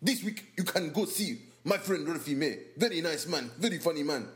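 A man reading out a list of dates and places in a put-on voice, slow and formal. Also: on the high side, lively intonation, close to an everyday voice. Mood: cheerful. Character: man in a put-on African voice, cheerful announcer.

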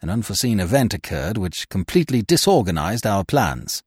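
Guy doing a serious steady museum expert, earnest, lowish voice. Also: brisk, breathy edge, no room sound, studio quality. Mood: grave. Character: grave, steadfast British museum expert, man.

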